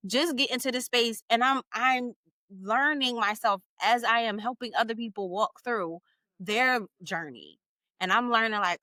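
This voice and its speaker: A woman in her thirties hosting a podcast, talking in an emphatic, encouraging and animated way in a casual heartfelt conversation. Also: on the high side, measured pace, no room sound. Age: 30s. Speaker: podcast host.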